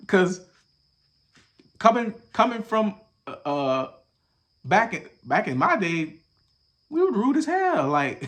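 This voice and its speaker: A young male podcast host reacts casually to a viral video with animated, profane commentary, alternating between loud bursts and low mutters. He speaks slowly, with long pauses.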